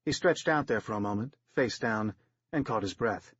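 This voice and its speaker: A man narrating an audiobook in a steady, wry storytelling manner, in a dry, slightly dull recording. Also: fairly low pitch, normal speed, slightly rough, dry recording.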